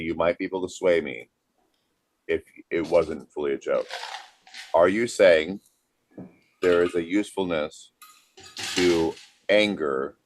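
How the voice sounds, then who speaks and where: Very deep-voiced, measured man. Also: a little hiss or hum. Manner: inquisitive, measured, plays it straight. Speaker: podcast co-host. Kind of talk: casual podcast banter.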